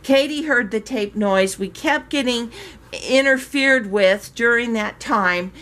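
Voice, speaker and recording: An older woman casually telling a story to her viewers, chatty and animated, acting out the quoted voices. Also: on the high side, slow pace. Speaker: reborn doll maker vlogger.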